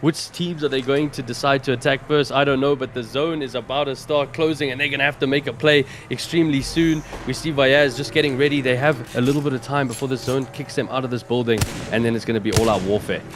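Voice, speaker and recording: A South African man giving esports color commentary in a mid-pitched, even voice. He walks through each play in a measured, analytical way and leans on fillers as he thinks aloud. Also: slight background noise. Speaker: esports co-caster.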